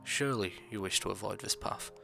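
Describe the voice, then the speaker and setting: A smirking old gentleman with a gravelly, low edge, courteous on the surface and quietly menacing underneath, as a horror narrator puts him on. His words come bright and forceful, with faint music behind. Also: fairly quick, full character voice. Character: aged sinister gentleman, smirking, soft-spoken.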